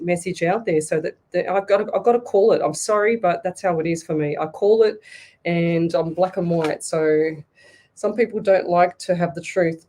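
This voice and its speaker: An Australian psychic medium and radio host runs a live-streamed call-in reading show online, reading viewers' comments aloud. Her voice is fairly low and mellow, and she speaks bluntly and passionately, stumbling and restarting sentences.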